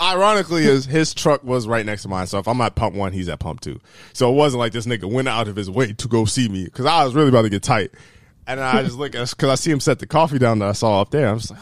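A young man tells a story on a podcast with a lively, swooping voice and an animated delivery. He jumps into high voices for the people he quotes and laughs mid-sentence. The sound is dry and close to the mic. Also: fast talker, no room sound. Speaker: podcast co-host. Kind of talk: casual storytelling chat.

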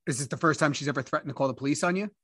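A man's voice: fairly high pitch, rapid-fire, fairly bright tone, dry recording, clean studio sound. A man hosting a podcast interview, reacting sympathetically with short exclamations. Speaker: podcast host. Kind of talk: casual interview chat.

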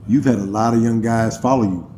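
A man hosting a church radio talk show, telling a story with animated, preacherly energy and street slang. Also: mid-range voice, brisk, a little hiss or hum.

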